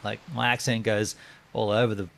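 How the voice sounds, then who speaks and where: A man's voice: lowish voice, level tone, moderate pace, creaky, fairly bright tone. A man co-hosting a casual video-call chat, laid-back and a little sheepish. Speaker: podcast co-host.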